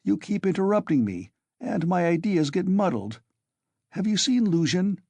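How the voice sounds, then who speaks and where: A man voicing a feverish, irritable young male student who snaps out his words, pitched above his own voice. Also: sing-song, moderate pace, gravelly, warm tone, dry recording, full character voice. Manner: agitated, snapping.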